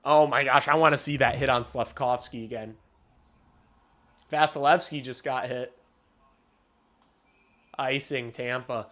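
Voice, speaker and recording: A man streaming a hockey game and calling the play-by-play, excitable and swearing casually, shouting on big plays. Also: mid-range voice, measured pace, long pauses. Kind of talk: live watch-along hockey commentary.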